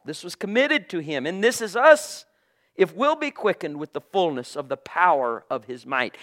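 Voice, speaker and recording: A man preaching a fervent sermon, moving between hushed low passages and loud, emphatic proclaiming with repeated phrases and bursts of praise. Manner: fervent, punctuated with praise exclamations.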